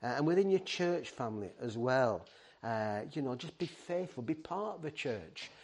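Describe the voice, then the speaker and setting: A middle-aged man delivers a sermon to a ministry team. He speaks earnestly and pleadingly, with halting restarts, at an ordinary pitch. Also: expressive, darkish tone. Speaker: preacher.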